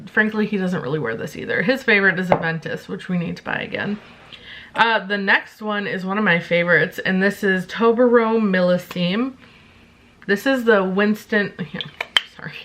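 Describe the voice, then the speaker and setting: Woman vlogger, young adult, chatty and self-deprecating, mid-pitched voice, casual delivery with ums. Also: fairly bright tone, slight background noise. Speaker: beauty vlogger. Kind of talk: casual chat to camera.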